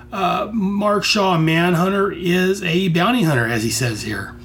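An American man hosts his own podcast in a slightly high voice. He rambles with enthusiasm, often stopping and restarting his sentences, against a faint hum. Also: a bit bright. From United States. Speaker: podcast host reviewing comics. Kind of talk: casual solo commentary.

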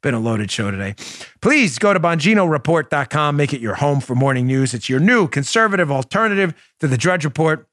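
A man's voice: on the high side, sing-song, a little fast, a bit bright, no echo, clean studio sound. A man hosting a political talk show, delivering an impassioned, emphatic monologue with lots of repetition.

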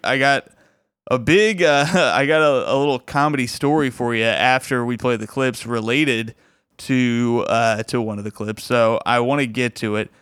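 A man hosts a podcast, chatting casually and rambling a little as he sets up clips. His medium-pitched voice is clear and resonant with a fairly bright tone, fairly even intonation and a moderate pace. The studio-quality recording has no room sound.

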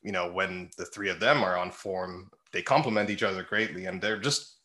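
Co-hosting a casual football podcast, a man with a low, sharp-toned voice talks at a moderate pace, rambling with many fillers and laughing often.

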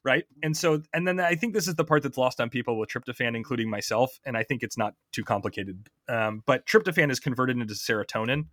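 A man's voice: mid-range voice, quick pace, hardly any pauses, a bit bright, no echo, studio quality. A man hosting a podcast, explaining science in a chatty way, quizzing his co-host and often restarting his sentences.

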